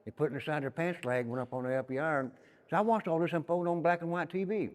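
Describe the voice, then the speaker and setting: An older Southern man from Tennessee talks quickly and with force, sitting a little high in pitch. He tells stories from his time inside as he leads a tour, often dropping to a low murmur for short asides. His voice rings with a long echo off hard prison walls. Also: fairly even intonation. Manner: emphatic, drops to a low murmur on repeated asides. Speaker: former inmate giving a prison tour. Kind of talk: storytelling tour guide. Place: inside an old prison building. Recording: long reverb in hard rooms.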